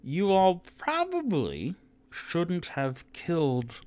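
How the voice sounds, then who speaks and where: A towering half-orc warrior woman, brash and swaggering, her voice leaping high and low as she boasts, as a man puts her on. She drawls her words at an unhurried pace in a tabletop fantasy game. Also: wildly swooping pitch, a little mellow, no echo, heavily acted. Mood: chatty.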